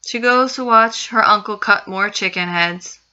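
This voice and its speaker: A woman's voice: medium pitch, a little slow, pushed and bright. A woman narrating a spooky story with suspense, repeating phrases for effect. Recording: dull lo-fi recording.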